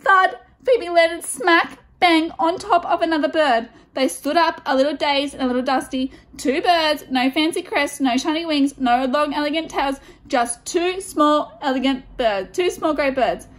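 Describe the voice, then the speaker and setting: A woman student teacher reading a picture book aloud to children, expressive and stopping to ask them questions. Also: high-pitched, a little slow, hardly any pauses.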